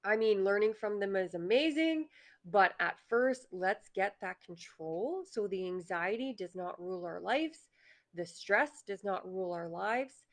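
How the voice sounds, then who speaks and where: Woman host, casual motivational talk; chatty, mid-pitched, breaks into quick acted inner-voice asides. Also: lively intonation.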